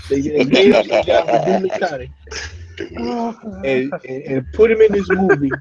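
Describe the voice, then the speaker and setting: A man hosting a casual comic-book roundtable, talking, animated, laughing and repeating his words. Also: a little high, normal speed, a crowd in the background. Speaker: podcast host. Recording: dull lo-fi recording.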